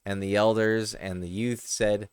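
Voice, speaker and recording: Slow, low-voiced man reading parables. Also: fairly even intonation, clear, resonant tone, no echo. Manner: unhurried, with occasional slips. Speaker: reader.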